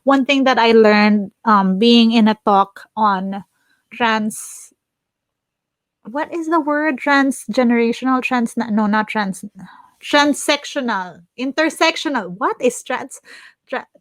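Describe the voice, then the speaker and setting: Animated, opinionated woman podcast co-host. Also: fairly high pitch, takes it slowly, no room sound. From Philippines. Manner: opinionated, animated, restarts mid-thought. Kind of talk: casual chat.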